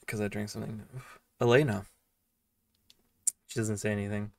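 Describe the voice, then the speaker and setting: A streamer with a lowish voice plays a game and comments casually, rambling with plenty of fillers and reading the dialogue aloud. The mic is distant, with no room sound.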